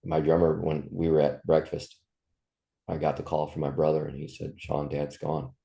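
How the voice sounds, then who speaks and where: A man's voice: extremely low pitch, level tone, normal speed, gravelly, dark tone. A man in his fifties, a musician telling personal stories in an interview, speaking in a raw, profane and heartfelt way. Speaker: musician guest. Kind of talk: candid interview storytelling.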